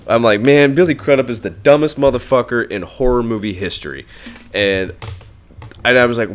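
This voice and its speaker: A man co-hosting a casual film podcast, animated and profane, acting out movie lines as he talks. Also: mid-range voice, moderate pace. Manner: animated, swearing, acts out movie lines in bursts. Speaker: podcast co-host.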